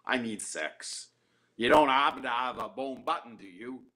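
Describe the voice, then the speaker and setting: A man's voice: mid-range voice, lively intonation, normal speed, pushed and bright, pitched below the performer's own voice. A man voicing a hungry, polite wandering beggar who stammers and wheedles in a folktale. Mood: polite pleading.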